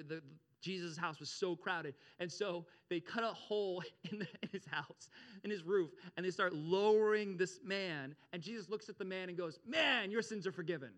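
A man preaching a sermon as pastor, animated, repeating phrases and checking in with his congregation. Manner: animated, addresses congregation with frequent check-ins; repeats phrases, rises in pitch and volume for emphasis.

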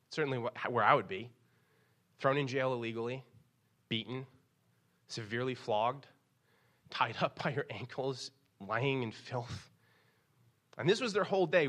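A young man preaches a sermon in a bright, forward voice. He talks casually and animatedly, leaping up in pitch whenever he acts out what someone said. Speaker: pastor.

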